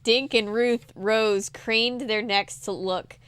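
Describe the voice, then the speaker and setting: A woman's voice: a little high, steady tone, takes it slowly, a bit bright, clear, resonant tone, dry recording. A woman host reading a children's mystery aloud in a casual, chatty way, breaking off for jokes and playful voices. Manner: chatty, laughs often, yawning, playful character voices. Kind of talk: casual read-aloud with joking asides.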